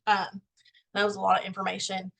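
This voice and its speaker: A woman's voice: medium pitch, monotone, brisk, vocal fry, fairly bright tone, low-quality recording. A young woman on a video call giving a casual, folksy pep talk to her team, a bit out of breath. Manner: candid, folksy, self-deprecating. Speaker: team member sharing sales tips.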